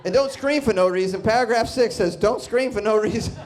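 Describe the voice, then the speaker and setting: A man doing a stand-up comedy set, brash and profane, bursting into loud shouts. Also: high-pitched, fairly quick, slight background noise. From Boston. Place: comedy club stage.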